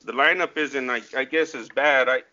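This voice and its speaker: A man's voice: mid-range voice, normal speed, bright, forceful tone, dull audio, faint music behind. A man chatting casually on a livestream, blunt and laid-back with loose cursing. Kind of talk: casual chat.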